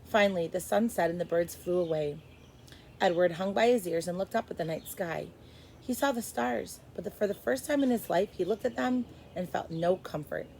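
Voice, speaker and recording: A woman teacher reading a chapter book aloud to first graders, expressive and stopping to explain. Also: on the low side, normal speed, gravelly, slight background noise, poor audio. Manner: expressive, stops to explain to kids.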